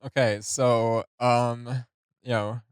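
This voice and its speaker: A man's voice: mid-range voice, level tone, smooth, no echo. Man reacting to a rap track, dry close sound. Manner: halting, many fillers, reads lyrics and notes aloud. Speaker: music reaction host. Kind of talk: casual reaction commentary.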